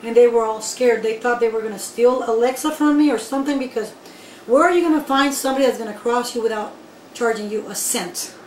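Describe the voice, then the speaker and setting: A woman from Guatemala, telling her own story in an interview in an animated, emphatic way and speaking straight to the listeners. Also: a little high, fairly quick. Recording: echoey room, voice from far off, faint background noise.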